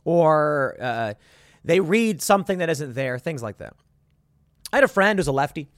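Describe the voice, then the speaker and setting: A man's voice: a little high, big pitch swings, moderate pace, dry recording, clean studio sound. A man in his thirties hosting a commentary show, talking in a sarcastic, exasperated, rambling way with frequent restarts. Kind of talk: opinion commentary monologue.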